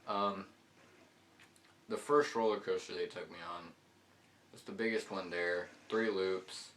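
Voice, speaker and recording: Low-voiced man rambling over gameplay. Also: steady tone, measured pace, a bit bright, a little hiss or hum. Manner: rambling, loose storytelling with many "like"s. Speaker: gaming channel host. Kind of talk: casual storytelling over gameplay commentary.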